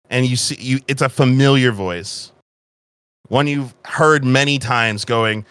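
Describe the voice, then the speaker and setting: A man narrating a tabletop game in a loose, casual way, swearing freely. He talks slowly, and his bright voice sounds close and dry. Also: medium pitch, no echo. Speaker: game master.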